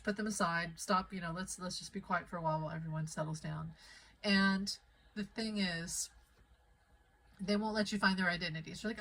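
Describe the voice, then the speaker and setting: A woman's voice: fairly low pitch, steady tone, brisk, fairly bright tone, poor audio. A woman vlogging into her phone, rambling and heated in a conspiratorial way. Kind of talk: casual rambling monologue to camera. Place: home in the Midwest of the USA.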